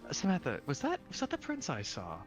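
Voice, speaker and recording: A man's voice: on the high side, huge pitch swings, quick pace, music in the background, pitched above the performer's own voice. A man voicing a male adventurer in a live tabletop game, asking friendly questions in character. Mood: curious.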